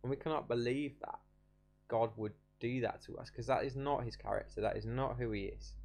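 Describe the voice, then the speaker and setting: Casual man with gravelly voice. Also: mid-range voice, steady tone, a little mellow. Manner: casual, halting, many fillers and restarts. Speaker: preacher. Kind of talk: informal devotional talk.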